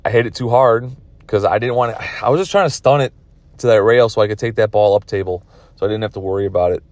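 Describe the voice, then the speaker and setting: A man's voice: fairly low pitch, fast talker, darkish tone, no room sound. A tired man commenting on his own pool match from his car, rambling and self-critical. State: tired, yawning. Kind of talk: casual video commentary.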